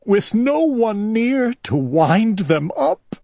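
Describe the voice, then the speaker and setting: Man doing a high fretful male owl, storybook, anxious, earnest, husky, slow. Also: sing-song, warm tone, dry recording, studio quality, heavily acted. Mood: sobbing. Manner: anxious, earnest, childlike worrying. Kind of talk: storybook reading.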